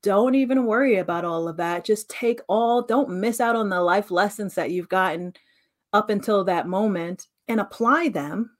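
This podcast co-host, a woman in her late thirties, speaks at a moderate pace in a mid-range voice. Chatting casually, she tells stories with lots of animation and acts out the voices she quotes.

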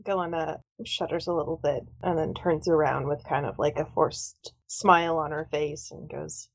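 A woman's voice: low-pitched, fairly even intonation, normal speed, gravelly, few pauses, dry recording, poor audio. A woman playing a tabletop game, talking casually and laughing between lines. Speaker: player.

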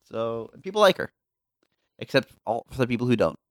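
A man hosts a casual gaming podcast in a middle-pitched voice, joking at his own expense and tripping over restarts. The sound is dry and close to the mic. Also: very animated, no echo. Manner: jokey, self-deprecating, halting with restarts. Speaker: podcast host.

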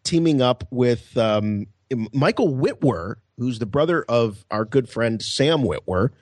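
A man co-hosting a podcast, telling a story in a casual, animated way with laughs and acted-out voices. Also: mid-range voice, unhurried, no echo. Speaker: podcast co-host.

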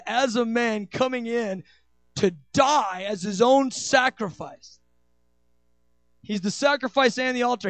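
A man with a notably high voice preaches a sermon. He races through asides, then slows down and builds to shouted, ringing declarations. The sound is close and dry, with faint music underneath. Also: no echo. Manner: swings from quick asides to slow, shouted declarations. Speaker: pastor.

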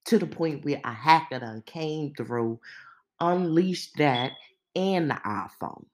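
Sassy, emphatic podcast woman, slow and lively. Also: sits low. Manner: sassy, emphatic, colloquial with rhetorical questions. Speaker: podcast host. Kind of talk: opinionated monologue.

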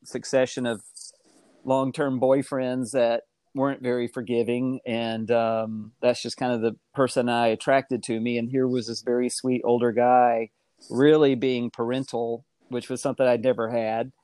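A middle-aged man telling his life story in casual conversation, animated and acting out the voices he quotes. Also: normal speed, no echo. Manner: animated, acts out quoted voices with big pitch jumps.

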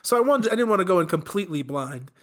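Higher-voiced, teasing easygoing man. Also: lively intonation, fast, fairly bright tone. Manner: teasing, easygoing, laughs often. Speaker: podcast co-host. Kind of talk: casual podcast chat.

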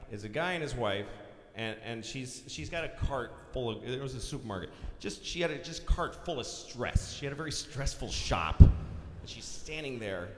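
A man's voice: medium pitch, a little hiss or hum. A middle-aged man telling crude, exasperated jokes in a stand-up set in a large concert hall. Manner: crude, exasperated storytelling with sudden loud outbursts. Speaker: stand-up comedian. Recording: live concert hall recording, long reverb, faint crowd.

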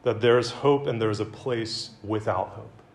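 A man giving a conversational sermon to a campus group, with self-deprecating humor and a relaxed, chatty delivery. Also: fairly low pitch, normal speed. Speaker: campus ministry speaker. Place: meeting room with an audience.

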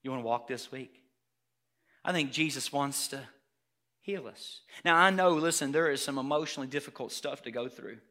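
A man preaching a sermon as pastor before a congregation, shifting from hushed, intimate asides to loud, emphatic preaching. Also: medium pitch, moderate pace. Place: church hall before a congregation.

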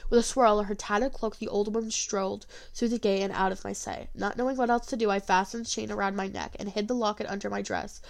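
A woman's voice: mid-range voice, fairly even intonation, fast, vocal fry, few pauses. Earnest woman reading a storybook. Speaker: narrator.

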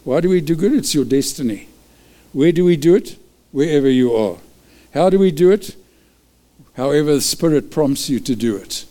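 Mellow-voiced man preaching. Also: fairly high pitch, normal speed. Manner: lively, repeats short exhortations, chuckles often. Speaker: pastor. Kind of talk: sermon.

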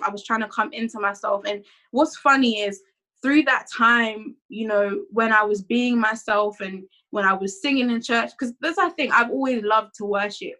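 A young woman recounts her faith testimony in a candid, conversational way. Her voice is bright and clear. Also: mid-range voice, low-quality recording.

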